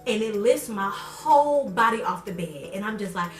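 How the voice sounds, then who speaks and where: A young woman tells a story in a casual, lively vlog style and acts out the voices of the people in it. Her voice sounds roomy and set back from the mic, with faint music underneath. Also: moderate pace, distant mic. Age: young adult. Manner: animated, acts out quotes with big pitch jumps. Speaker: vlogger.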